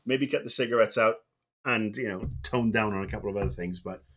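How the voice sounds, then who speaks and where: Rambling, low-voiced man streaming. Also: a little fast, a bit bright. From Wales. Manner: meandering, profane, self-deprecating. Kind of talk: rambling casual live stream chat.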